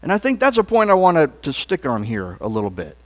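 Earnest preaching man with lively pitch. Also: fairly quick. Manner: leads the congregation in call-and-response declarations; earnest preaching with emphatic rises and soft trailing phrase endings. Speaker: pastor. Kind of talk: sermon. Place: church sanctuary.

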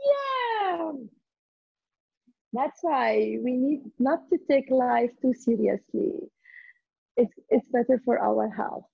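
A woman's voice: on the high side, slow, vocal fry, husky, no echo, narrow, tinny audio. A woman leading a group laughter yoga session over a video call, laughing often and encouraging everyone cheerfully.

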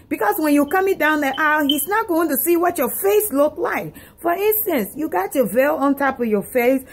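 A woman's voice: high voice, lively intonation, normal speed, few pauses. A woman giving sassy, theatrical comic advice in a dramatic monologue. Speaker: comedic advice vlogger.

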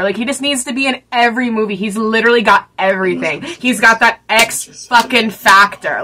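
A woman in her twenties giving a casual movie reaction, gushing and excitable, swearing freely and breaking into shrieks and laughter. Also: fairly high pitch, fairly quick, hardly any pauses, low-quality recording. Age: 20s. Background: film soundtrack music.

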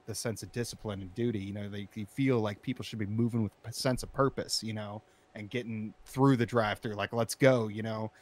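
In an interview, a low-voiced man tells a heated story in a casual, conversational way. He's animated and profane, and his voice climbs to shouting as he recounts his anger.

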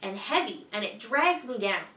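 A woman's voice: on the high side, big pitch swings, moderate pace, fairly bright tone, recorded from a distance. A woman voicing a glum young female beaver in a storybook read-aloud. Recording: echoey room, voice a bit off-mic.

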